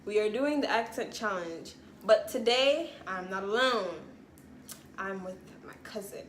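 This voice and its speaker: A woman's voice: medium pitch, animated, unhurried, a little hiss or hum. A young woman hosting her vlog, rambling and self-mocking in casual chat. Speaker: vlogger host. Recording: echoey room with music playing.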